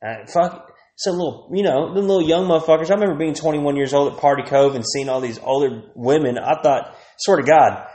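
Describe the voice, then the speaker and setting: A man's voice: fairly high pitch, fairly quick, warm tone, reverberant. A man, ranting crudely and rambling as a podcast host, laughing often. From Texas. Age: 30s. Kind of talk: profane comedic rant.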